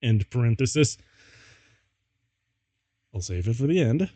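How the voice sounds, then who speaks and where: A man's voice: medium pitch, animated, a little slow, warm tone, no echo. Giggly man reading fan fiction aloud. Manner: giggly, breaks up laughing. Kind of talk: casual comedic reading.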